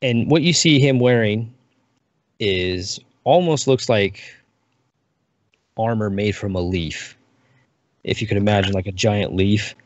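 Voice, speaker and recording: Slow-talking male dungeon master. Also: on the low side, no room sound. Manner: relaxed, unhurried descriptive narration. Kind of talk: narrating a tabletop game. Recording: muffled lo-fi recording.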